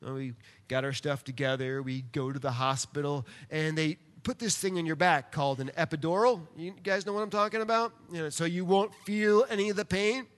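A man preaching a sermon, telling a personal story in an animated way and speaking directly to his congregation. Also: on the high side, a little fast. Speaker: pastor. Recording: long hall reverb.

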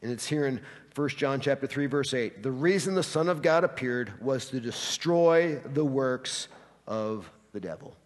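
A man preaching a sermon, acting out quotes with animated delivery in a church hall. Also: mid-range voice, unhurried. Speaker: pastor. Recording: long hall reverb.

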